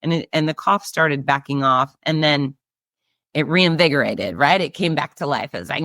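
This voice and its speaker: A middle-aged woman hosting a casual solo chat, upbeat and breezy, her voice nasal and hoarse. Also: deep voice, normal speed, a bit bright, no room sound, studio quality. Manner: chatty and upbeat, breezy asides. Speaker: race announcer and show host.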